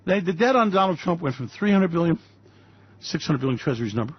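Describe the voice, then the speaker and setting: Sarcastic ranting man with husky voice. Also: fairly high pitch, sing-song, fast talker, no room sound, highs cut off. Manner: sarcastic, mocking, profane, repeats "Really?". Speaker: financial commentary host. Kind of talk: ranting political-economic commentary.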